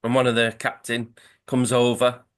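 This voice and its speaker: A man's voice: mid-range voice, completely flat delivery, normal speed. A man, a podcast host casually retelling a football comic story, rambling with fillers and restarts.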